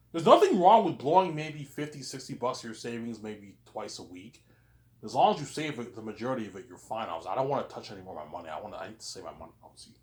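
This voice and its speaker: A man talks to camera in a loose, rambling monologue, circling back on himself and repeating the same words. His pitch swings up and down a lot. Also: darkish tone, echoey room. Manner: rambling, repeats himself, keeps saying "obviously". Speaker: vlogger.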